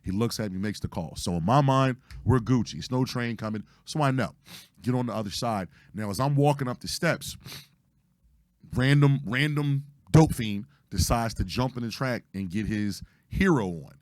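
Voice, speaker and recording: A hoarse man, telling a story casually as podcast host, animated and profane, acting out what people said. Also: mid-range voice, moderate pace, no echo, studio quality. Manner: animated, profane retelling with acted-out quotes.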